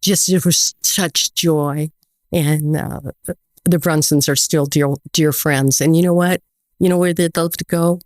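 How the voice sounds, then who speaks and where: An American woman guest telling lively stories in a casual interview, often acting out quoted dialogue. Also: sits low, unhurried, no room sound, clean studio sound. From United States.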